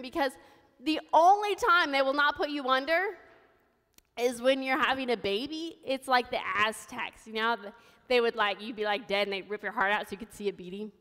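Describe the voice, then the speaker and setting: A woman's voice: fairly high pitch, a bit bright, long reverb tail. A woman in her thirties giving a sermon, telling her own story in a candid, conversational way. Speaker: preacher. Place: church sanctuary.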